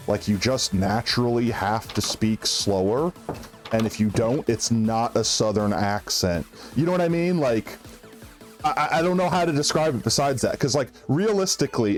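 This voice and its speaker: A man's voice: mid-range voice, lively intonation. Guy streaming a game, rambling and chatty, bit of music in the back. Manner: chatty, rambling, quick asides. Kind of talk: casual gaming chat.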